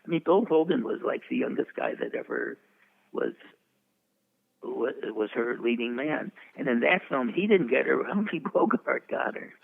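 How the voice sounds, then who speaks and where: A veteran publicist in his eighties, very animated and speaking at a moderate pace, rambles through show-business anecdotes in an interview, chuckling as he goes. His voice is deeply gravelly and full of fry, and it comes through a thin, phone-like channel.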